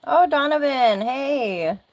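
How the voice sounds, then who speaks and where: A woman's voice: high voice, expressive, takes it slowly, lo-fi sound, slight background noise. A woman hosting a casual livestream, chatty and rambling, laughing often, talking into a phone or laptop mic. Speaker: livestream host.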